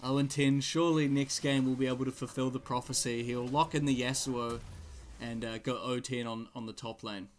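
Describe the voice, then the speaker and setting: A man casting a live esports match play-by-play, his excitement climbing in big fights, with jokey asides between plays. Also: medium pitch, normal speed, slight background noise. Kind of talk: live game commentary.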